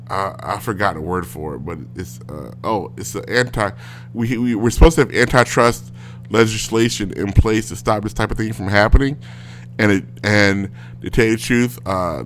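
A man's voice: on the low side, fairly bright tone, slight background noise. A man hosting a casual solo show from home, ranting in a rambling way with many fillers and restarts. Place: home with a smart speaker.

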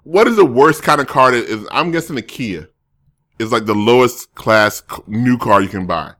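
A man's voice: mid-range voice, expressive, moderate pace, pushed and bright. A man streaming casually, reading viewer comments and rambling through jokes and self-corrections.

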